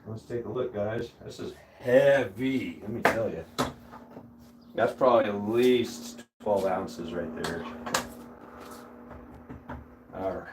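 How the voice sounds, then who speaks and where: A man's voice: lowish voice, measured pace, noisy background. A man giving casual live commentary to his viewers from a hot workshop, chatting straight to them as he works. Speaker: livestreamer casting metal. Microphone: phone livestream.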